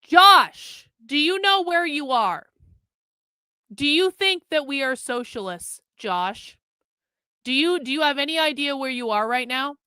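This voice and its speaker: A woman's voice: high-pitched, animated, normal speed, sharp tone, dry recording. Blunt, profane woman scolding her chat. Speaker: livestream host. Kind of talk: livestream commentary scolding chat.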